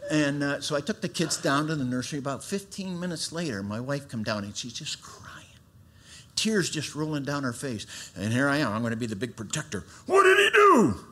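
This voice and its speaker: A middle-aged man giving a sermon testimony in a folksy storytelling way, swinging from loud emphatic bursts to hushed, earnest tones. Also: medium pitch, fast talker, few pauses, slight background noise.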